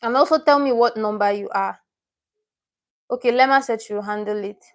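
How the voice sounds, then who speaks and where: A woman with a slightly high voice teaches a live online class. She talks in a chatty way, repeats words and corrects her own slips as she goes. She reads out viewers' names and comments. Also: moderate pace. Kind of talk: live-stream lesson.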